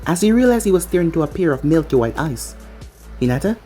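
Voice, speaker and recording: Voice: mid-range voice, sing-song, fast talker, mellow, soft background music. A reader casually reading a fan fiction story aloud, stumbling over words now and then.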